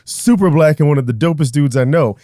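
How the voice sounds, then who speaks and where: High-voiced playful man. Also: dark tone. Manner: playful, quick-witted, self-mocking. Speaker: talk show guest and host voices. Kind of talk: casual comedic chat with freestyle rap. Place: studio couches.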